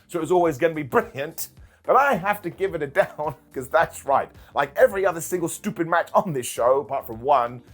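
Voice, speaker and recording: A man hosting a casual recap, animated and jokey with sarcastic asides. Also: mid-range voice. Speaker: wrestling show reviewer and host.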